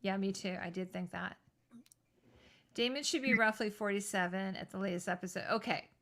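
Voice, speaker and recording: A woman's voice: mid-range voice, fairly bright tone. Chatty woman co-hosting a show. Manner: chatty, quick asides and self-corrections. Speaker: podcast co-host. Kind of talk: casual chat.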